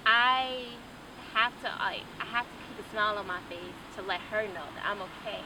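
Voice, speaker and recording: A woman's voice: mid-range voice, moderate pace. A young woman giving an earnest, candid interview, with casual fillers and restarts. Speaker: interview guest. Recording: noisy, from a distance.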